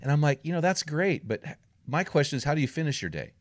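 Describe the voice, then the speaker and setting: A man's voice: fairly high pitch, big pitch swings, fast talker, dry recording, studio quality. A man hosting a podcast interview, earnest and blunt, often repeating his questions for emphasis. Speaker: podcast host. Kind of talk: conversational interview.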